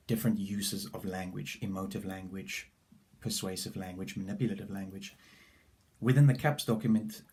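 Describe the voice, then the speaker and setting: A man lays out a classroom listening activity in a measured, explanatory way. His voice sits fairly low and stays even, with little rise and fall. He now and then restarts a phrase as he goes. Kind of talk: lesson plan presentation.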